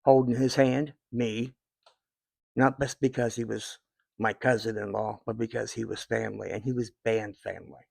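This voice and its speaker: A man's voice: fairly low pitch, steady tone, normal speed, gravelly, a little mellow, husky, dry recording. A man in his fifties talking to his viewers in a rambling, heartfelt way, with many fillers and restarts. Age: 50s. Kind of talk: casual personal talk to viewers.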